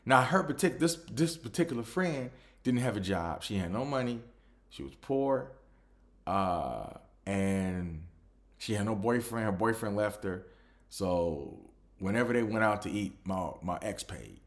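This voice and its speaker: This podcast host, a man with a fairly low, unhurried voice, casually tells a personal story. He restarts often, and his retelling is animated.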